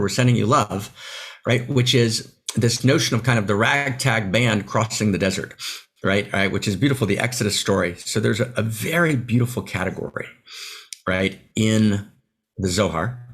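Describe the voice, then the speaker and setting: A man's voice: on the low side, normal speed, creaky, slightly rough. A man in a video-call conversation who talks with passion and some emotion, often tagging his points with "right?". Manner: emphatic, tags many phrases with "right?"; emotional, near tears at times. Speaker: author guest.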